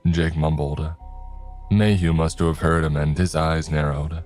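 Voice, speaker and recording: A man narrating a scripted horror story in a steady, measured way. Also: extremely low pitch. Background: faint music.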